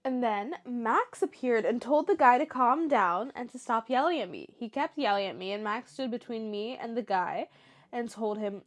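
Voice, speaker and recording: A woman's voice: fairly high pitch, lively intonation, moderate pace. A young woman reading stories aloud for her show and breaking off into emotional, chatty reactions. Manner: emotional, chatty asides between read passages. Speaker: story reaction host.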